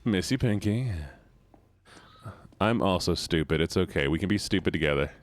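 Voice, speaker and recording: A man streaming a game and chatting casually with viewers, animated and self-mocking, thinking aloud as he plays. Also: low-pitched, moderate pace. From United States. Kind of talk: casual gameplay chat with viewers.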